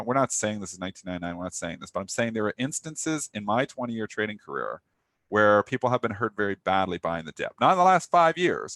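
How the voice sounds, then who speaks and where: A man's voice: on the low side, a bit bright, no room sound. A young man co-hosting a live trading talk show, talking candidly and restlessly, often repeating himself. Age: young adult. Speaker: co-host.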